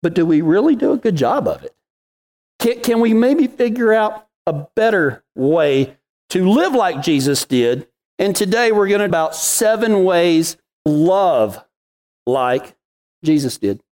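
A man's voice: high voice, very animated, measured pace, darkish tone. A middle-aged man giving a folksy devotional talk, telling a story in cowboy slang before turning to scripture. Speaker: devotional podcast host.

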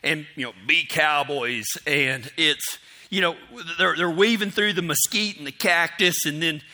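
Man, higher-pitched, very bright tone; rambling self-mocking storyteller who plays out his own inner voice. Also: unhurried. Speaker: storyteller speaking to an audience. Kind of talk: casual storytelling.

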